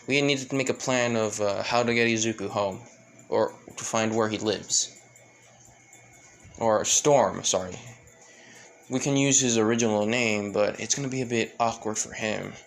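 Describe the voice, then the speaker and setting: A man's voice: fairly low pitch, fairly even intonation, moderate pace, creaky, slight background noise. A man doing a dramatic, tearful young fighter. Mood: explaining. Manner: tearful, over-the-top dramatic. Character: dramatic comedic young male fighter, proud big brother.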